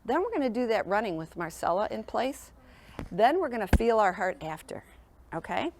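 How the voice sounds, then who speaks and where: A woman's voice: mid-range voice, big pitch swings, moderate pace, noisy background. A woman presenting a sleep program in a school classroom, talking to young children in an encouraging, sing-song teacher manner and often checking in with them.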